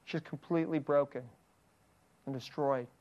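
A preacher giving a sermon, reading scripture aloud and explaining it in an earnest manner, often sinking to a soft, hushed voice. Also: mid-range voice, steady tone, moderate pace, muffled recording.

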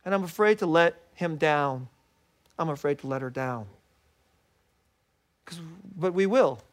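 A middle-aged man preaching a sermon as a pastor, animated and laughing often as he acts out what people say. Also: fairly high pitch, a little slow. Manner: animated, laughs often, quotes himself in little voices.

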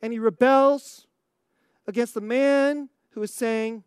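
An American preacher telling a story in a sermon, animated, acting out scenes and laughing often. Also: mid-range voice, normal speed, smooth, no room sound, clean studio sound. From United States.

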